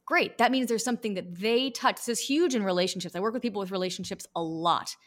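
A woman guest on an interview podcast who coaches people, talking in an animated way and acting out reactions. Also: medium pitch, fast. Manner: animated, lively, acts out reactions. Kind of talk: conversational interview.

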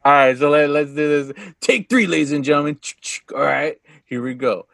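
A man's voice: fairly high pitch, normal speed, vocal fry, a bit bright, no room sound, clean studio sound. A man hosting a podcast from home, talking casually and laughing often. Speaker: podcast host. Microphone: remote podcast mic at home.

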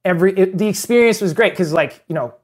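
A man's voice: high voice, fast. A man telling rambling, self-deprecating stories as a guest on a casual podcast. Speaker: guest, former stand-in.

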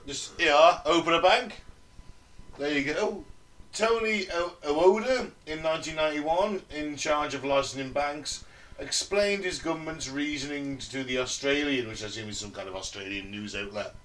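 A man's voice: fairly high pitch, normal speed, fairly bright tone, far from the mic. A man co-hosting a casual podcast, reading out research and adding joking, sweary asides. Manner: reads research aloud, jokey asides, swears. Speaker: podcast co-host. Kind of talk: reading notes in casual chat.

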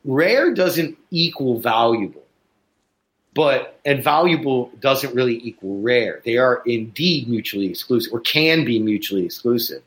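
A man's voice: mid-range voice, a little slow. A man in casual conversation as a host, telling anecdotes and acting out the other people's voices. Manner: animated storyteller, acts out voices in anecdotes. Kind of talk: casual chat. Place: Chicago, USA.

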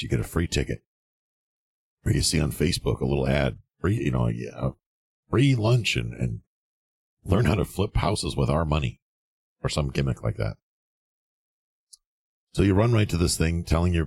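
Super deep gravelly guy ranting sarcastic about real estate schemes, dry close sound. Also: animated, moderate pace, pauses often, darkish tone, no echo. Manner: sarcastic, mocking, acts out quoted people. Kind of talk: blunt advice monologue.

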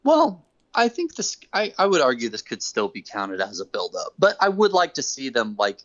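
A man hosting a casual chat, an animated storyteller who acts out quotes. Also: mid-range voice, normal speed. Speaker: podcast host. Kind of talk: casual wrestling recap chat. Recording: dull lo-fi recording.

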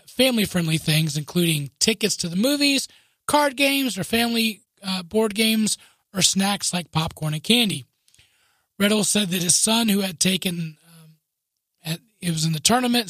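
Chatty co-host type, bright voice, laughs through the story, recorded close and dry. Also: medium pitch, no echo. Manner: laughs often while telling stories, chatty asides. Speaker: podcast co-host. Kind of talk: casual chat, reading news aloud.

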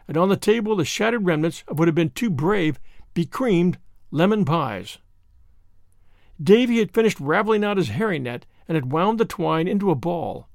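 A man narrating a classic novel in an expressive, measured storybook reading. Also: sits high, no echo, clean studio sound.

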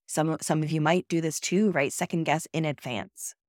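A woman's voice: deep voice, moderate pace, dry recording, clean studio sound. A woman giving a career coaching talk, earnest and repetitive, often checking in with "okay?" and "right?".

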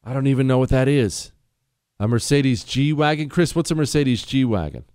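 A man's voice: medium pitch, animated, moderate pace, darkish tone, clean tone, dry recording, studio quality. A man hosting a talk radio show, speaking bluntly and sarcastically with strong emphasis. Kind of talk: opinionated talk radio monologue.

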